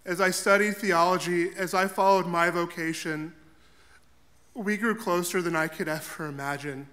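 A man's voice: on the high side, bright, forceful tone. A young man, a Catholic priest, giving an earnest, heartfelt eulogy for his grandfather in a church. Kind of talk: funeral eulogy.

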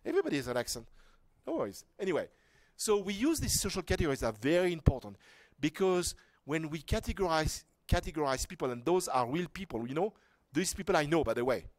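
A man's voice: a little high, big pitch swings, fast, few pauses, no room sound. A man giving an informal lecture to a workshop class, talking casually with restarts and asides. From France. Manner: conversational, rambling with restarts and rhetorical questions.

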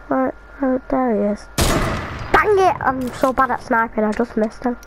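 A young woman chatting casually while playing an online game, excitable and jumpy, with squealing reactions. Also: sits high, normal speed, background noise. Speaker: gamer. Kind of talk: casual gaming chat.

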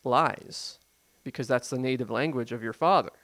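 A pastor preaching a sermon in a conversational, emphatic way, full of rhetorical questions. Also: male voice, medium pitch, moderate pace, fairly bright tone.

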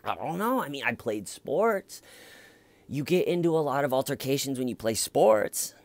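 A man putting on a shrill flustered woman detective. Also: sing-song, normal speed, no room sound. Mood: evasive. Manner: high-pitched, mocking, stammering. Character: flustered defensive woman detective under questioning.

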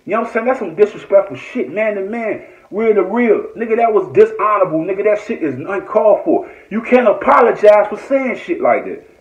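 A man from Norfolk, Virginia, on a heated, profane live-stream rant, repeating himself as he goes. His high voice swoops up and down. The phone recording sounds roomy and dull. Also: sing-song, brisk. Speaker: online commentator. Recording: echoey, dull lo-fi phone audio.

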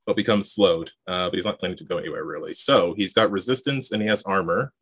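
A man with a fairly low voice narrates a tabletop battle as game master. He talks the rules through as he goes and chuckles often. His voice sounds dry and close, with no room echo. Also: fast, a bit bright, husky. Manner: explains rules while thinking aloud, chuckles often.

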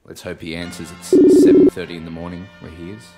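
Low-voiced deadpan podcast host, a man. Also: fast, faint music behind. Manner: deadpan, teasing. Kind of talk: casual podcast banter.

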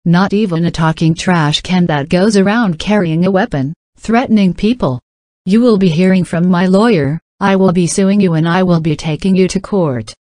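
A woman's voice: lowish voice, moderate pace, a little mellow, no room sound, lightly acted. A woman playing an entitled, pushy middle-aged woman who talks in an indignant, demanding, scolding way.

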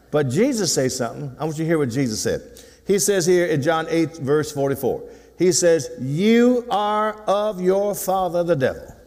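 With a slightly high, darkish voice, a pastor in his sixties delivers a folksy, teasing sermon and prompts the congregation to respond. It's recorded in a church sanctuary with long hall reverb.

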